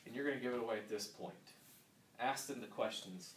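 Man, 30s, youth pastor, earnest preaching, loud bursts of emphasis, distant mic, echoey hall. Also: mid-range voice, fairly quick, slight background noise. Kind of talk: teaching talk to youth workers. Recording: roomy sound from a distant mic with faint ambience.

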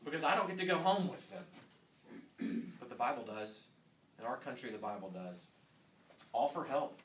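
A man in his thirties, a youth pastor giving an earnest teaching talk to youth workers, swinging from quiet stretches to loud emphasis. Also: mid-range voice, lively intonation, normal speed, slight background noise. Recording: roomy sound from a distant mic with faint ambience.

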